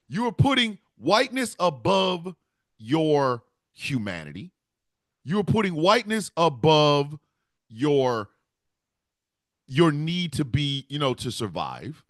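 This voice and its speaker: A man's voice: a little high, no room sound, clean studio sound. A man hosting a casual stream, talking emphatically, swearing and laughing often. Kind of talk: casual livestream chat.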